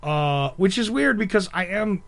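A man from the northeastern United States talks in a loose, casual conversation, blunt and a bit abrasive, often breaking into laughter. His voice sits somewhat high for a man. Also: animated, unhurried, creaky.

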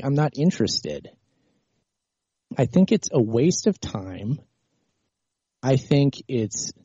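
Male stream host, exasperated and ranting, mellow dark tone, dry muffled mic. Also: medium pitch, no room sound. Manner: exasperated, rants with many restarts. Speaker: livestream host. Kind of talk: heated political call-in argument, then rambling monologue.

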